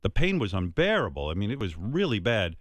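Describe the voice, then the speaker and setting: A low-voiced man in his sixties hosts a radio talk show. He speaks earnestly and from the heart, often restarting his sentences. The studio sound is close and dry. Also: huge pitch swings, a little fast, no echo.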